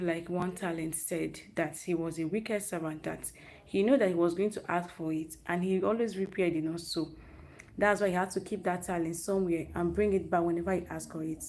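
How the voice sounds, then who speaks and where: This youth speaker, a woman with a fairly low and slightly mellow voice, offers young listeners an earnest, encouraging faith message via a live stream on her own network. She tends to restart her phrases as she goes.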